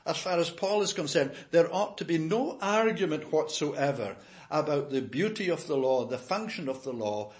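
An older man preaching an expository sermon, reading scripture aloud and then explaining it slowly with firm emphasis. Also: fairly high pitch, animated.

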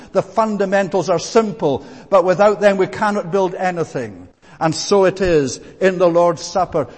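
Guy giving an earnest sermon, voice on the high side, long echo from the church hall. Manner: earnest, emphatic, deliberate preaching. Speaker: preacher.

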